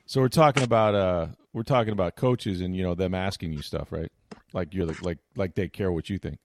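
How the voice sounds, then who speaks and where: A man hosting a sports talk show, telling a lively anecdote and slipping into impressions of other people. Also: low voice, brisk, slight background noise. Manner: animated anecdote teller, mimics others' voices. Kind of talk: casual storytelling chat.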